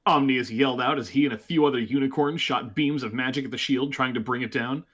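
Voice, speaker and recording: A man's voice: mid-range voice, fairly even intonation, fast talker, fairly bright tone. A man reading narration from a fan story aloud, breaking off to laugh and joke. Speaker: reader.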